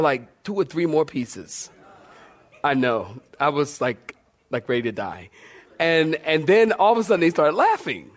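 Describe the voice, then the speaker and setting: Male preacher, lively storyteller, somewhat high voice, repeats lines and questions the congregation. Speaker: pastor. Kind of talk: sermon with a humorous personal story.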